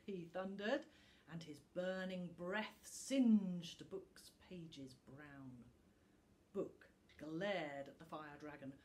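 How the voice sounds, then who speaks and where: A woman, a school teacher, reading a bedtime story aloud in a calm, gentle manner with dramatic pauses. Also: on the low side.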